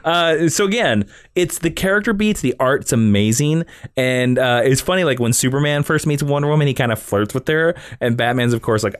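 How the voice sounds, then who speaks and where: A man's voice: mid-range voice, expressive, fairly quick, hardly any pauses, clear, resonant tone, no room sound, clean studio sound. A man hosting a casual comic-book podcast, talking with enthusiasm and acting out character quotes. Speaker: podcast host.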